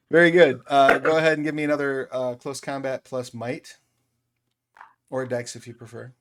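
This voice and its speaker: A man running a tabletop game as game master, narrating loosely with many fillers. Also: mid-range voice. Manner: loose, filler-heavy, laughs easily.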